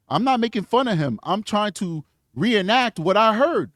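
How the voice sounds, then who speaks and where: A man's voice: sits high, normal speed, fairly bright tone, dry recording, studio quality. A man giving blunt, emphatic commentary on a true crime video, talking back to the clips he plays. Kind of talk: casual reaction commentary.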